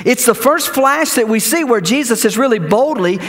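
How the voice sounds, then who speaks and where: High, lively-voiced male pastor preaching. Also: moderate pace, big-room sound. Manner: animated preaching with repeated words and rhetorical questions. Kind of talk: sermon. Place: church sanctuary.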